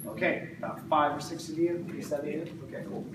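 Male Bible teacher, high voice, chatty and humorous, recorded in an echoey room. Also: fast talker. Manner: conversational, jokey, acts out voices of the disciples. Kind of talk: casual Bible teaching to a small group. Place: room with a live group. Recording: echoey room, distant mic, noisy background.

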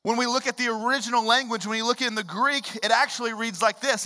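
Male pastor preaching, bright forceful tone, long hall reverb, loud bursts then hushed lines. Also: fast, hardly any pauses. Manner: animated, swings from loud emphatic bursts to low hushed lines. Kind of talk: sermon. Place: church sanctuary.

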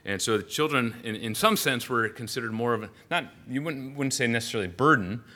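A man's voice: mid-range voice, expressive, a little fast, pushed and bright. A male pastor giving a sermon in a church, telling stories animatedly with frequent "uh" fillers and restarts.

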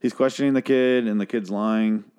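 A man with a somewhat low voice talks through a TV episode in loose, rambling recap mode. He stops and restarts his sentences and swears freely. He pops into exaggerated high-pitched impressions of the characters. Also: steady tone, normal speed, a little mellow, clear, resonant tone. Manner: rambling, profane, restarts a lot; mimics characters in a raised voice.

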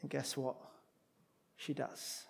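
A man preaching a sermon, expressive, moving between loud emphatic passages and hushed ones. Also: slow pace.

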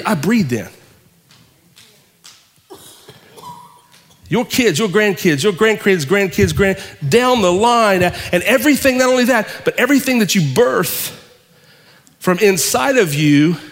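Preacher voicing God, all-knowing male creator, earnest and measured, fairly high voice, long hall reverb. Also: a bit bright, full character voice. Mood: solemn. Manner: earnest, measured, first-person address.

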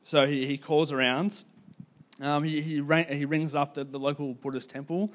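A man preaching a sermon in a casual, conversational storytelling way, with lots of "like" fillers and slowing down to stress key points. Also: fairly high pitch, level tone. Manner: casual, filler-heavy, slows down for emphasis.

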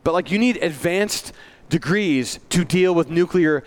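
A man's voice: on the high side, measured pace, slight background noise. A male pastor giving a sermon in a church, earnest and conversational, with self-deprecating asides.

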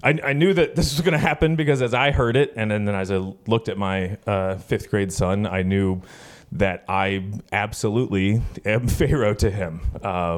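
A man in his thirties, a pastor preaching a sermon in a relaxed, storytelling way with many fillers. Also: lowish voice, normal speed. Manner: conversational storytelling with frequent fillers. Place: church gathering.

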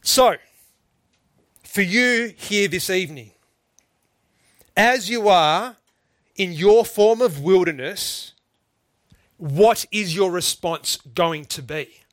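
A man's voice: sits high, lively intonation, takes it slowly, long pauses, a bit bright, no room sound. A middle-aged man preaching a sermon, earnest and emphatic, often calling his listeners "folks".

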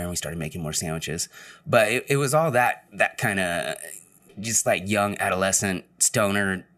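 A man's voice: deep voice, fairly bright tone. A man telling a personal story in casual storytelling style, rambling, with frequent fillers and restarts.

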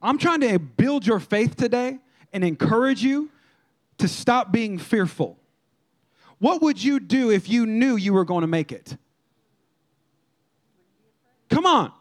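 A man preaching a sermon as pastor, in a lively, conversational style that acts out quotes from people. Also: high-pitched, unhurried.

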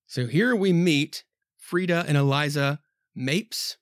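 A man's voice: on the high side, slow, no room sound, studio quality. A man hosting a podcast, casually reading a horror comic aloud and rambling about the art. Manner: rambling, laughs at himself. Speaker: podcast host.

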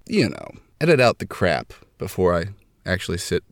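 A man's voice: low voice, wildly swooping pitch, moderate pace, vocal fry, no echo, clean studio sound. A young man hosting a homemade comedy podcast from a closet, rambling in a mock-grandiose way with lots of fillers. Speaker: podcast host.

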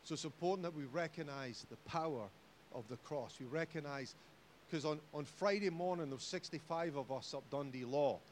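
A Scottish man preaches a sermon in church with jokes and bursts of loud exhortation. His voice sits a little high for a man. A faint hiss runs under the recording. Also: brisk. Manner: animated, jokey, rising to loud exhortation. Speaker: pastor. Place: church hall.

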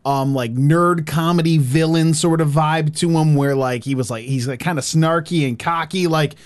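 A man's voice: on the high side, moderate pace. A man co-hosting a gaming podcast, rambling with lots of likes and mocking himself. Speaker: podcast co-host. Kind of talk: casual chat.

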